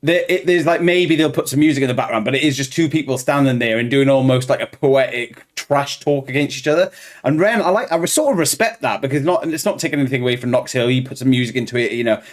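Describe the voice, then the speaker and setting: A man co-hosting a reaction video, talking excitedly, swearing and laughing. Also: mid-range voice, fast. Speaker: reaction channel host. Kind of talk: casual reaction chat.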